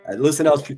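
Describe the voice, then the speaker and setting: A man's voice: medium pitch, warm tone, breathy edge. A man giving profane, taunting live-stream commentary, laughing often as he mocks. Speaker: livestream commentator.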